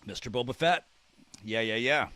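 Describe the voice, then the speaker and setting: A man's voice: medium pitch, normal speed, sharp tone, smooth, no room sound. A man hosting a casual live stream, chatting and reacting aloud to messages from his viewers, sometimes repeating unfamiliar words as he tries them out. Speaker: streamer reading live chat.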